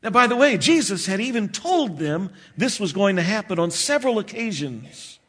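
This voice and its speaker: Man, pastor, high voice, expressive sermon delivery, emphatic pauses. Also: slightly rough. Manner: expressive preaching, acts out disciples' voices, slows for emphasis.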